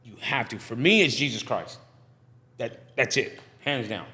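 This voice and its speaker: A man, animated, telling his story in a casual interview and acting out other voices. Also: medium pitch, a little slow. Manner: animated, preachy storyteller who acts out dialogue. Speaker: barbershop owner and guest.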